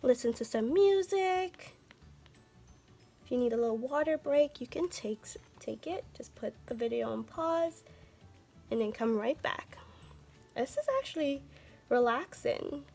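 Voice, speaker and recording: Woman art teacher for kids, gentle and encouraging, fairly high voice, faint music behind. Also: expressive, unhurried, long pauses. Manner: gentle, encouraging, talks to viewers directly. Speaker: art instructor. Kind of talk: children's art lesson.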